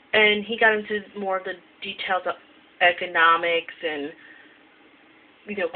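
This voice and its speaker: A young woman from the American Midwest, a culinary student, talking casually to her camera, tired and half asleep, rambling and correcting herself often. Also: medium pitch. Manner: rambling, many restarts and self-corrections. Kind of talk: casual vlog talk to camera. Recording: tinny lo-fi with faint hiss.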